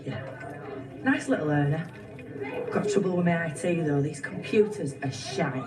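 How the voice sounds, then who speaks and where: A woman's voice: lowish voice, animated, normal speed, crowd noise, lightly acted. An actress playing a brash, blunt middle-aged woman who runs a shop, talking coarsely and scolding. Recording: TV clip played from far off with audience.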